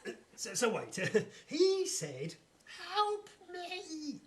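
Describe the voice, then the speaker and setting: A man's voice: sits high, sing-song, moderate pace. A man acting a bumbling, pompous police inspector in a live stage comedy sketch, with stagey, stammering delivery. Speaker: comedy actor.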